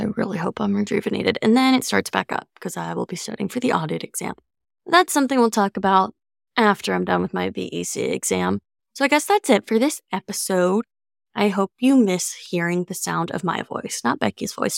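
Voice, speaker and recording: Strongly gravelly young woman podcaster. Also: mid-range voice, a little fast, no room sound, clean studio sound. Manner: chatty, self-mocking and sarcastic. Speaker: podcast co-host. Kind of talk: casual podcast chat.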